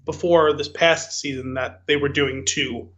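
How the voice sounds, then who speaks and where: Bright-voiced man rambling on a podcast. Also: on the high side, steady tone, a little slow, dull audio. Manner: rambling, filler-heavy storytelling with frequent "like" and "um". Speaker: podcast co-host. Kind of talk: casual podcast chat.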